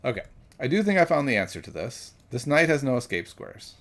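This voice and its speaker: A man's voice: medium pitch, sing-song, fairly quick. A man thinking aloud as he solves chess puzzles, musing and correcting himself, then chatting with viewers. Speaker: chess streamer.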